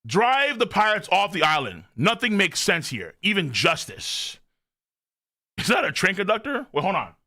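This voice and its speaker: A man live-streaming his reaction to viewers, excitable and loud, with frequent outbursts and swearing. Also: sits high, moderate pace. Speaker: streamer reacting to a manga chapter.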